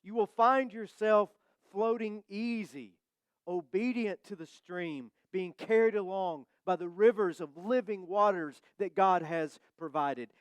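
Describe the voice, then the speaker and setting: A man preaches to his congregation in a smooth, resonant voice that sits a little high for a man. He talks like a conversation, with light humor, and draws out key phrases slowly for weight. The sound is close and dry. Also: dry recording. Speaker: pastor. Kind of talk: sermon. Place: church sanctuary.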